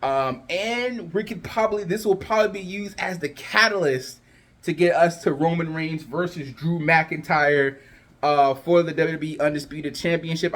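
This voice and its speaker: Casual vlogger, male, pitched a bit high, rambling and chatty, slightly cracking voice. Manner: chatty, loose, lots of fillers and restarts. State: voice cracking a little. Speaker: wrestling predictions vlogger. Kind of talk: casual chat to camera.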